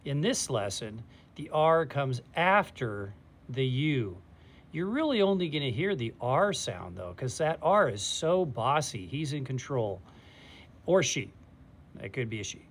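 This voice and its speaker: A man teaching a phonics lesson to young readers, patient and deliberate, stretching out sounds and repeating each word. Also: medium pitch, expressive, slight background noise. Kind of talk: slow, clear instruction for young readers.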